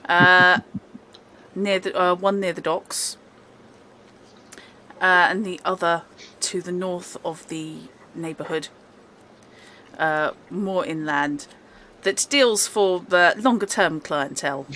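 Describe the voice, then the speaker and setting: A woman's voice: on the low side, fairly even intonation, slow, long pauses, sharp tone. A woman running a tabletop game as game master, explaining in a matter-of-fact, wry way.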